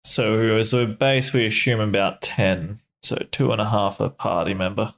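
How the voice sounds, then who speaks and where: A man's voice: fairly low pitch, fairly even intonation, a little slow, fairly bright tone. A man playing a tabletop game who bargains bluntly and crudely. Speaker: player. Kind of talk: casual tabletop play.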